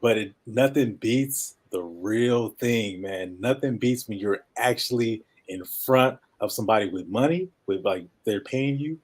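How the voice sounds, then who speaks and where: A man with a somewhat low, nasal voice chats as a guest in a relaxed interview. He talks fast, runs his words together at times and laughs easily between thoughts. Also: husky. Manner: fast-talking, sometimes mumbles, laughs often. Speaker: podcast guest. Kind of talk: casual interview chat.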